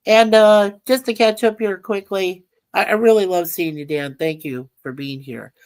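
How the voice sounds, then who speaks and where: A woman's voice: mid-range voice, normal speed, darkish tone. A woman hosting a casual livestream chat, rambling and reading viewer comments aloud. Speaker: livestream host.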